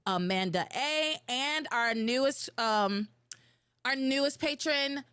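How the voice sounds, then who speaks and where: A young adult woman hosting a podcast in casual, animated chat, exclaiming and swearing freely. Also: sits high, slow pace, smooth, dry recording. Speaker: podcast host.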